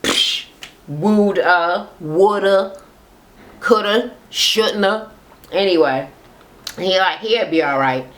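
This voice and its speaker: A young woman rants through a reality TV recap straight to her camera. She swears freely and jumps into little voices to act out what the cast said. Her voice sits at an ordinary pitch for a woman. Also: slow pace, pauses often. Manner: profane, animated, acts out quotes in voices. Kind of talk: casual recap rant. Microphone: camera mic, talking to camera.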